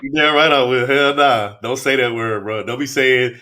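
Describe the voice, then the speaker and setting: Male host, young, easygoing, mid-pitched, conversational. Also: fairly even intonation, moderate pace, noisy background. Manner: laid-back, repeats "you know what I'm saying". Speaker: podcast host. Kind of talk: casual livestream chat.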